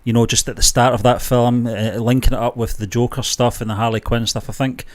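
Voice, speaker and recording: Steady, opinionated podcast co-host man. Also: mid-range voice. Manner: measured, opinionated, repeats points. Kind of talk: casual film review chat.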